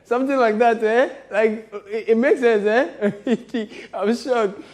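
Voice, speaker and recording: A man hosting a satire show in a high, bright-pitched voice. He talks slowly and playfully, laughing between his jokes and breaking into mock shouts. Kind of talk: comic satirical commentary.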